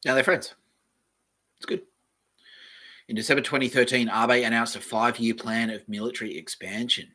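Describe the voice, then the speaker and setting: Husky man rambling casually. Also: medium pitch, steady tone, moderate pace, pauses often, sharp tone. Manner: offhand, joking, trails off into mumbles. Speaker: podcast host. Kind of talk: rambling casual commentary while reading aloud. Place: at home in front of a screen.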